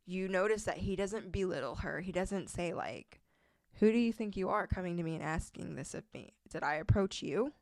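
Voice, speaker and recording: A woman's voice: lowish voice, a little mellow, no echo, studio quality. Chatty young woman hosting a faith talk. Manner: casual, chatty, laughs often, reads scripture aloud. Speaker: podcast host. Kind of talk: faith-based advice talk.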